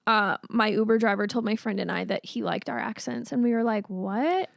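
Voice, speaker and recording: Canadian woman cohost, high voice, chatty and swears a lot, dry close sound. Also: fairly even intonation, a little fast, creaky, no echo. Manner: chatty storyteller, loose and swearing. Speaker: podcast co-host. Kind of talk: casual movie review chat.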